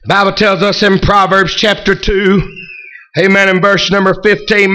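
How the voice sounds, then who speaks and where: A man's voice: high-pitched, flat delivery, normal speed, bright, forceful tone. A man preaching a sermon in a church, in a fervent chanting cadence broken by frequent "uh" and "amen". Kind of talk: shouted revival preaching.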